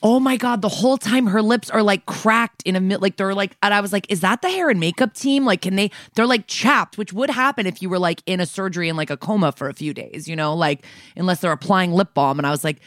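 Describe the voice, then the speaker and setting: A woman co-hosting a podcast, breaking in with chatty, animated asides. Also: medium pitch, fast talker, no echo, studio quality. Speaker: podcast co-host. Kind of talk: casual chat.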